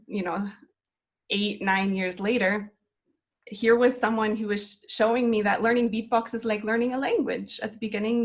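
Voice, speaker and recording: Young woman, flute student, talking earnest and encouraging, mid-pitched voice. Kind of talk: reflective interview conversation.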